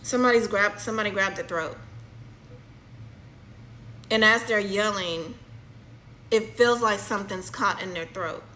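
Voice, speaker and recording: A woman giving a channeled spiritual reading, halting and repeating herself as she describes what she sees, often checking in with "okay?". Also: medium pitch, pushed and bright, a little hiss or hum, rough recording. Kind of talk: channeled reading, narrating a vision.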